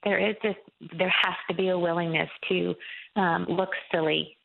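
A woman author talking as a guest on a Christian radio interview, telling a faith story in an earnest, halting way with many restarts. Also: on the low side, fairly even intonation, vocal fry, a little hiss or hum. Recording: tinny phone line.

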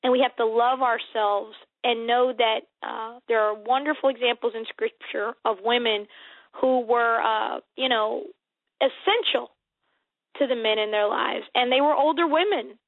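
An American woman in her forties speaks with earnest emphasis, her slightly high voice squeezed through a tinny phone-like line. The sound is dry, with no room around it. She circles back and repeats words as she works out her thoughts. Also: measured pace, no echo. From United States. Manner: earnest, emphatic, repeats herself while thinking. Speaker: guest author. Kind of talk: faith-based interview conversation.

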